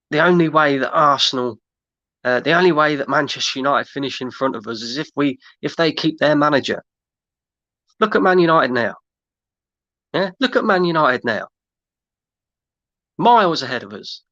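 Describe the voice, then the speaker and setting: A man's voice: on the high side, sharp tone, dry recording, lo-fi sound. A man hosting a fan livestream, ranting in exasperation and repeating himself while he reads out chat comments. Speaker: fan channel host. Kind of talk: livestream rant reading chat.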